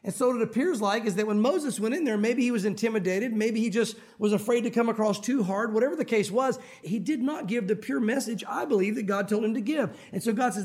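A man's voice: high-pitched, fast, few pauses, darkish tone. A man preaching a sermon in a conversational, joking way, stressing key words as he teaches verse by verse. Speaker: pastor.

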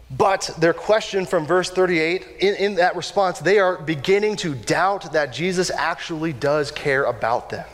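A man preaching a conversational sermon, casual and animated, often repeating and restarting words as he acts out quoted lines. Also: fairly high pitch, unhurried. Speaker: pastor. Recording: long reverb of a large hall.

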